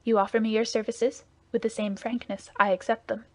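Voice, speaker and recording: A woman voicing a composed, commanding foreign nobleman in a lowered, even voice. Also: a little fast, dry recording.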